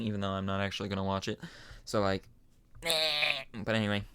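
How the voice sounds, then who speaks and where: A man's voice: fairly low pitch, fast talker, bright, forceful tone, clear, resonant tone, dry recording. A young man hosting a casual reaction video, talking in a rambling, self-interrupting way. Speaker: channel host reacting to game news.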